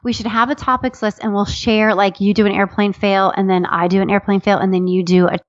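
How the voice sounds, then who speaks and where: Woman, comedic author guest, animated storyteller; dry, slightly muffled audio. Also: medium pitch, brisk, dry recording. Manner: chatty, animated storyteller who restarts sentences. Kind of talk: casual storytelling interview.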